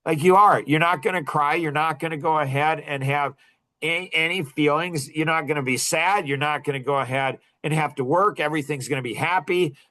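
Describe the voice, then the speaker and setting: Brief: man in his sixties, a touch high-pitched, rambling podcast guest who keeps cutting himself off mid-thought. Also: sharp tone. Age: 60s. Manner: rambling, self-interrupting, with quick laughs. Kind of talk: casual storytelling.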